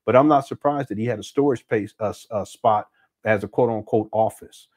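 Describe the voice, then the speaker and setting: A man's voice: fairly low pitch, brisk, darkish tone. A man hosting casual livestream commentary, rambling with many restarts and fillers and breaking into laughing banter with viewers. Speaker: host.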